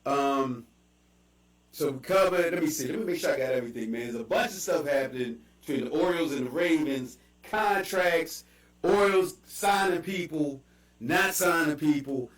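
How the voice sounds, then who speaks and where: A man with a Baltimore accent hosting a casual chat, telling animated stories with quick asides. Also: fairly high pitch, far from the mic. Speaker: podcast host. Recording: echoey room, voice off mic.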